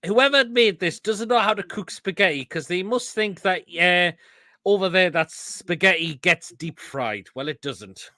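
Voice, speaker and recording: A man with an English accent hosting a casual live stream, reading out viewer comments, swearing freely and laughing loudly. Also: high voice, lively intonation, measured pace, no echo. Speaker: show host.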